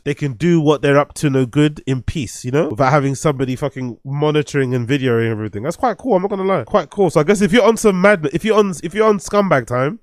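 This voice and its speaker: A man's voice: on the high side, dry recording, studio quality. London man laughing through clip commentary. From England. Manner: laughs a lot, swears freely, street slang. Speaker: show host. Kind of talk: casual commentary over a clip.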